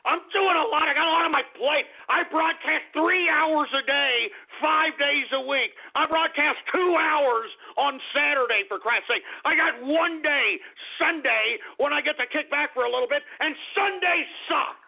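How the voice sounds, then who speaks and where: A man hosting a radio show, ranting in an exasperated, shouting, rambling way. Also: extremely high pitch, normal speed, gravelly, hardly any pauses. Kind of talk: ranting comedic radio monologue. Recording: tinny phone-like lo-fi audio.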